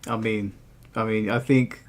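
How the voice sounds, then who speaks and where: Calm man hosting a call. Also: fairly low pitch, a little slow. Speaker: podcast host. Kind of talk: casual interview over a call.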